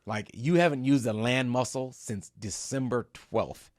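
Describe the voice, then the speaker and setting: In a casual interview, a middle-aged man who runs a company tells the story of rowing an ocean, speaking at medium pitch and a little slowly. He's openly emotional, curses freely and plays out his reactions as he goes, all in studio quality with no room sound.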